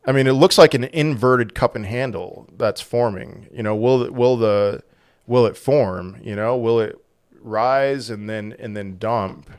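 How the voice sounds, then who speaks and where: A man hosting a casual crypto livestream, reading viewer questions with many restarts, sometimes turning loud and heated. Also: medium pitch, smooth, no room sound, studio quality. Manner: halting, full of restarts, turns loud and heated when angry.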